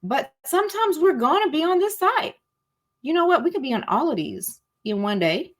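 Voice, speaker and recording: A woman's voice: high voice, normal speed. Chatty woman teaching a feelings masterclass. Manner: chatty, animated, acts out example feelings in voices; colloquial, says "y'all". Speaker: masterclass host. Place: at home, cozy setting.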